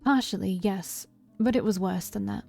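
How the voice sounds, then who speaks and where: A woman voicing a troubled young man who confesses a past killing, read in a quiet, heavy tone with a gravelly edge. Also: mid-range voice, normal speed, soft background music. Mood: grim.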